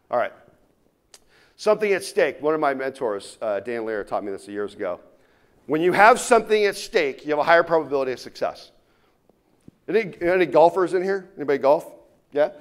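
A man giving a motivational keynote to a live audience, telling stories and swinging between loud punches and quiet asides. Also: on the high side. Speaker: keynote speaker. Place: conference room before a live audience.

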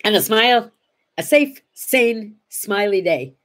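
A woman hosting a casual morning vlog, telling a story in an animated way and acting out the dialogue. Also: fairly high pitch, slow pace. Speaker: host.

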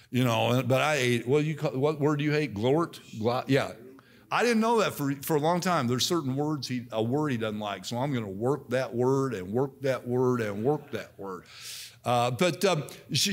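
Man in his 60s talking to the church, homey and rambling, keeps repeating stuff, gets folks to say it back. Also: medium pitch. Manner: repetitive, conversational, leads call-and-response. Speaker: church speaker addressing the congregation. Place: church sanctuary.

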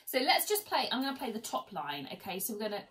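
This woman's voice sits on the high side and swings widely in pitch, fast and a touch bright, heard through poor audio. She is giving an online violin lesson while seated at home, counting students in with a chatty, encouraging manner as a violin plays faintly behind her.

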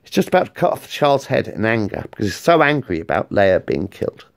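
Gravelly man telling a story excitedly. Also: on the low side, fast talker. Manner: rambling, excitable, swears freely. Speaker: vlogger. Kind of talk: casual storytelling.

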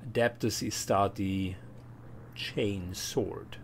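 A man gives relaxed let's play commentary, thinking aloud as he plays. His voice sits low, with a faint hiss in the background. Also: drawn-out words. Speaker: gaming channel host.

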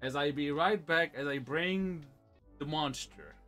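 A man hosting a casual livestream interview from his room, easygoing and halting, with frequent uh-huhs and restarts. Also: on the high side, bright, forceful tone, faint music behind. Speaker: show host. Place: home room.

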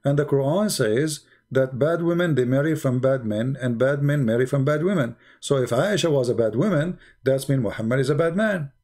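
A man's voice: medium pitch, moderate pace, hardly any pauses, a little mellow. A man hosting a live call-in debate show, talking in a blunt, mocking way with loose grammar.

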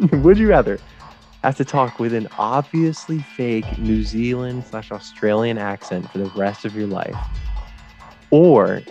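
A man's voice: mid-range voice, slow, a little mellow, soft background music. A male podcast host chatting casually, joking and laughing as he rambles. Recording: dull lo-fi dry podcast mic.

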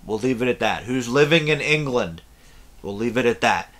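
A man's voice: medium pitch, expressive, normal speed, fairly bright tone. A man giving a casual, rambling movie review, blunt and a little tired, swearing now and then. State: yawning, tired.

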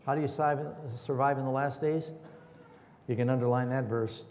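A man's voice: mid-range voice, steady tone, normal speed, a little mellow. A man preaching a sermon in a church and asking the congregation questions. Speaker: pastor. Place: church hall. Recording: echoey church hall.

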